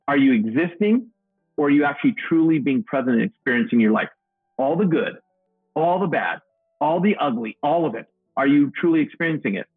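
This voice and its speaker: Man, middle-aged, motivational speaker, upbeat storyteller, husky, phone-quality line. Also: medium pitch, no room sound. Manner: upbeat, self-described goofball, acts out quotes. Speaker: guest, motivational speaker and trainer. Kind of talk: energetic storytelling interview answer. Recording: tinny phone-like remote call audio.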